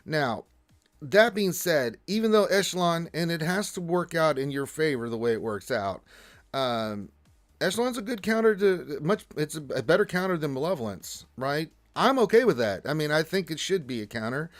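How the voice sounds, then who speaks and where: A man's voice: on the high side, lively intonation, moderate pace. A man hosting a casual gaming livestream, talking in a rambling way with lots of fillers and repeated words. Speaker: livestream host and game tester.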